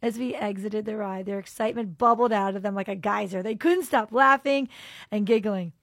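A woman hosting a faith podcast, telling a personal story with lively expression and moving into quiet, earnest prayer. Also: medium pitch, moderate pace, no room sound.

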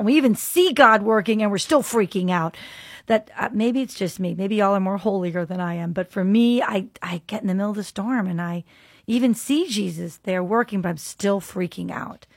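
A woman's voice: mid-range voice, a little fast, vocal fry, no echo, clean studio sound. A woman hosting a faith podcast, reading scripture and musing in an earnest way, at times dropping into a whisper. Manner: earnest, musing aloud, shifts into soft whispers. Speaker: podcast host.

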